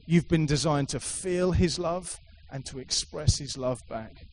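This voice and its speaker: Man, middle-aged, sermon, emphatic, fairly high voice, faint background noise. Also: measured pace, darkish tone, low-quality recording. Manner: emphatic, repetitive, playful asides. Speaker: preacher. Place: church hall with a live congregation.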